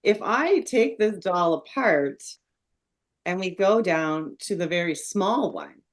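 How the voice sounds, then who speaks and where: A middle-aged woman with a low voice hosts a conversational interview podcast. She explains her thoughts in a reflective way and becomes animated when she recounts a story. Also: slow. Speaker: podcast host.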